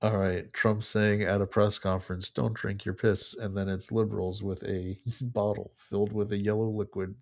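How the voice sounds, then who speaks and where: A man's voice: lowish voice, flat delivery, normal speed, hardly any pauses. A man co-hosting a casual podcast, reading memes aloud and laughing often.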